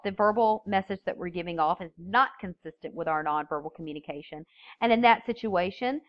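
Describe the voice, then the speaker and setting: A woman teaching a recorded public speaking lecture, explaining terms in a steady, explanatory way. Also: mid-range voice, no room sound, muffled recording. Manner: explanatory, steady teaching delivery with occasional restarts.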